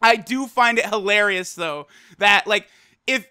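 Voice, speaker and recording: A man reviewing an anime episode in casual, slangy talk, animated and profane, with lots of fillers. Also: sits high, measured pace, smooth. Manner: frequent fillers like "like" and "you know".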